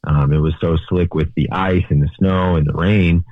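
Deep-voiced officer on a phone line. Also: male voice, steady tone, normal speed, no room sound. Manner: hesitant, many fillers. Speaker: highway patrol officer. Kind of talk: radio interview guest.

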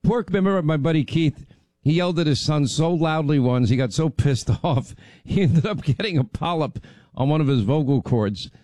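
A man's voice: on the high side, lively intonation, moderate pace, dark tone, no echo. A man hosting a talk radio show, rambling and chatty, getting over laryngitis. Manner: rambling, chatty, many fillers. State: recovering from laryngitis. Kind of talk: casual talk radio chat.

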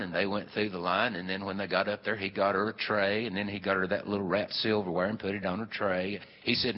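Male storyteller, drawling, animated, hall reverb, muffled sound. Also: on the low side. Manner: animated, drawling, acts out the dialogue. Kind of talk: folksy spoken storytelling.

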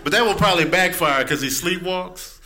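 A man's voice: high voice, brisk, very noisy. A man in his thirties doing a stand-up comedy set, acting out characters in raised voices.

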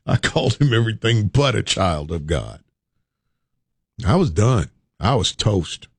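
A man with a low, husky voice spins a personal story with folksy humor and well-timed pauses. His pitch rises and falls freely as he acts out the tale, heard close and dry with no room sound. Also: no room sound. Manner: animated, folksy, vivid story delivery with dramatic pauses; humorous asides. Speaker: speaker telling a personal story. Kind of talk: storytelling talk.

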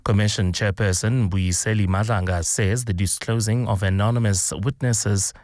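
A man reading the news as anchor in a steady, formal delivery. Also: fairly low pitch, normal speed, no room sound, studio quality.

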